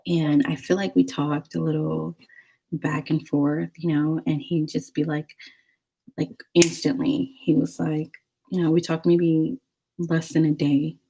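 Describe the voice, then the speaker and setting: Young woman vlogging, chatty and rambly, deep warm slightly breathy voice. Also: flat delivery, a little slow, rough recording. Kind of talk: casual storytelling.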